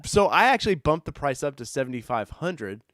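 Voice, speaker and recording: Excitable male host, dry close mic. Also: on the high side, fairly quick, no room sound. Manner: loose, excitable, swings between loud and muttered. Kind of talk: casual live-stream chat.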